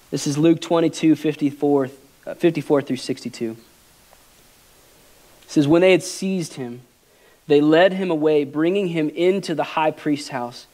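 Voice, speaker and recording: A man's voice: fairly high pitch, a little mellow. A man, a pastor, preaching an earnest, emotional sermon in a church and reading scripture aloud with rising intensity. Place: church sanctuary.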